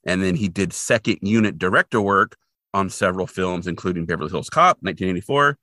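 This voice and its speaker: A man's voice: sits low, fast talker, sharp tone, no room sound, studio quality. A man co-hosting a podcast, retelling a TV episode in casual, rambling chat with lots of fillers. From Portland, Oregon resident since 2003. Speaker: podcast co-host.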